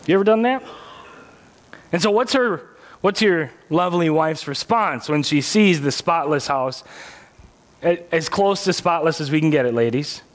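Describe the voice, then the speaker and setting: A man's voice: a little high, expressive, moderate pace. A man preaching a sermon in a church, conversational and joking, putting rhetorical questions to the congregation. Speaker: pastor.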